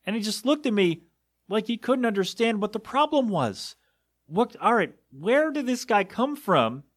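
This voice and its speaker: A man with a high, fairly bright voice hosts a solo podcast from a small windowless room, rambling in an exasperated, incredulous way. The studio-quality audio from his home podcast mixer setup has no room sound.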